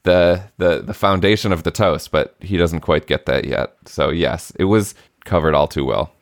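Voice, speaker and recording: A man's voice: low voice, normal speed, dry recording, clean studio sound. A man in his thirties co-hosting a parenting podcast, telling a story with many restarts and self-deprecating remarks. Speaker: podcast co-host. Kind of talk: casual parenting chat.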